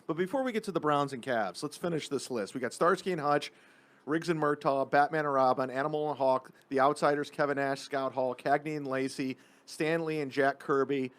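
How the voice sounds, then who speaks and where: A man from the Cleveland area hosting a podcast, chatting casually with loud laughing outbursts and rambling asides. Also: on the high side, a little fast. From Cleveland area, Ohio. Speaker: podcast host. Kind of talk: casual chat.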